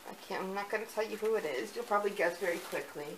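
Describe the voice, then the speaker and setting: A young woman gushing with excitement as she unboxes a parcel, gasping and cooing over each item in a casual vlog. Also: mid-range voice, quick pace, noisy background. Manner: gushing, excited, breathy gasps. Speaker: vlogger.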